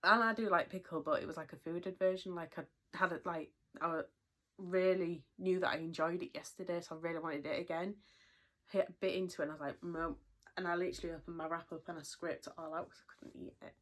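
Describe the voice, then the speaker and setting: A woman's voice: on the low side, steady tone, quick pace, a bit bright. A young British woman chatting in a casual vlog update, rambling with lots of fillers and a little out of breath. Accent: British English. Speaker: vlogger.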